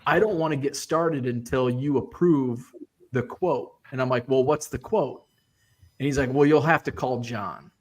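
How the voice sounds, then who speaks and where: A man telling a story casually, acting out the quoted lines with lively shifts in his voice. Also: medium pitch, a little fast. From Midwestern US. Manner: animated, acts out quoted voices. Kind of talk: casual storytelling on a live stream.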